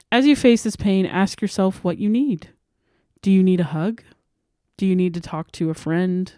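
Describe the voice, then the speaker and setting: A young woman talks earnestly on her self-help podcast, speaking candidly and pausing now and then to read quotes aloud. Her voice sits a little low and sounds warm and smooth. The recording is dry, with no room echo. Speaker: podcast host.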